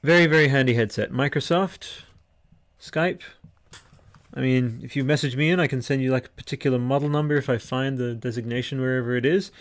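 A man's voice: medium pitch, a little fast. A man hosting a podcast livestream, chatting casually and rambling with lots of fillers and restarts. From Australia. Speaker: podcast host. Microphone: headset microphone.

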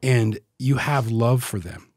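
A man talking on a podcast as a guest, heartfelt and halting, often repeating words as he searches for them. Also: medium pitch, steady tone, a little mellow, breathy edge, no echo, clean studio sound. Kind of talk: casual podcast conversation.

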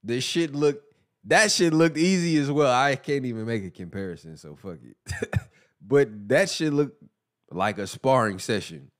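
A man hosting a casual boxing commentary podcast, animated and mocking, who laughs often. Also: medium pitch, unhurried. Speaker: podcast host.

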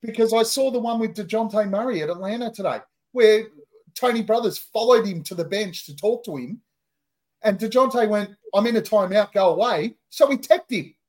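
A man from Australia, hosting a casual podcast chat, relaxed and laughing often. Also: high-pitched, moderate pace. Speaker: podcast host.

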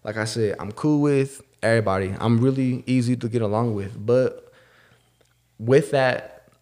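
A young man co-hosting a casual podcast, his voice sitting at an ordinary pitch for a man. He tells his story in loose street slang, full of restarts, and acts out everyone he quotes. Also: moderate pace, a little mellow. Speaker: podcast co-host.

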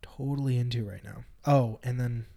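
A man's voice: mid-range voice, steady tone, moderate pace, creaky, dark tone. A twenty-year-old man, a musician guest on a casual chat, joking and teasing as he talks.

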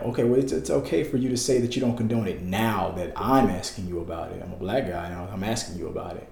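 A man's voice: low voice, quick pace, vocal fry, few pauses, darkish tone, roomy sound. A man talking in a casual, heated political rant, emphatic and repetitive, with frequent restarts. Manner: heated, emphatic, repeats himself, restarts often.

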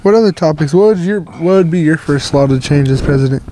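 A man's voice: fairly high pitch, fast talker, mellow, rough recording. A young adult man co-hosting a podcast in casual chat, rambling and swearing with lots of filler words. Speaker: podcast co-host.

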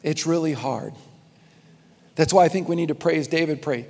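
A man's voice: on the high side, normal speed, a little mellow. Man preaching in a reverberant hall. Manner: emphatic, repeats key lines, addresses the congregation directly. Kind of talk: sermon. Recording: long reverb of a large hall.

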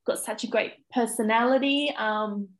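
A woman's voice: fairly high pitch, normal speed, low-quality recording. A young Australian woman, a primary school teacher, talking as a podcast guest, getting emotional and tearful, with many ums. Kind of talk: casual interview chat.

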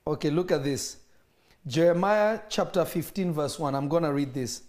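A man preaching a sermon, telling a story and acting out the voices in an animated way. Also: a little high, moderate pace.

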